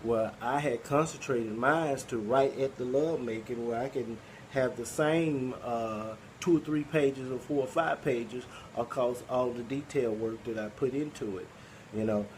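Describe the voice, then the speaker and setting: A man's voice: medium pitch, a little slow, a little mellow, a little hiss or hum, poor audio. A man with a Southern Arkansas accent hosting a poetry group, talking casually and rambling with many fillers and restarts. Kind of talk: casual live-stream talk.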